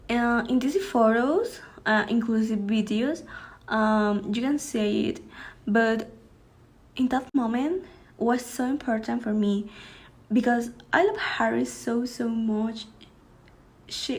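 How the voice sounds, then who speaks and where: Slow, halting young woman. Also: a little high. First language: Spanish. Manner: hesitant, halting, frequent restarts and fillers. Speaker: student. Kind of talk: homework anecdote in English.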